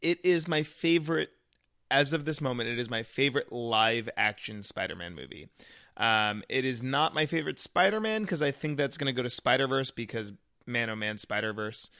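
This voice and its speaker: A man with an ordinary mid-range voice chats about a film as a co-host. He gets animated, acting out excited reactions in quick asides as he makes his points. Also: mid-range voice, no room sound, clean studio sound. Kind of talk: casual movie review chat.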